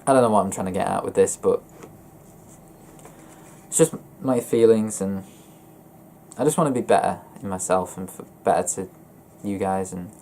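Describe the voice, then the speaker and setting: A young man vlogging about his feelings in a flat, monotone voice, hesitant and often stopping to correct himself. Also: low voice, a little hiss or hum. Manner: hesitant, halting and self-correcting. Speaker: gaming YouTuber. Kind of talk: personal confessional vlog.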